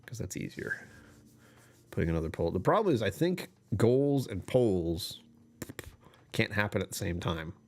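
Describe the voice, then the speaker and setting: A man's voice: fairly low pitch, sing-song, normal speed. A young man hosting his own livestream in casual, rambling chat, amused by himself as he talks. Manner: rambling, self-amused, chatty. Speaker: livestream host.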